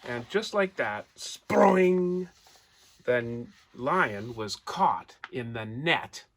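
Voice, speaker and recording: Male storyteller reading to children, lively, draws listeners in with questions and pictures. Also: mid-range voice, slow. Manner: animated, asks listeners questions; points out pictures while telling.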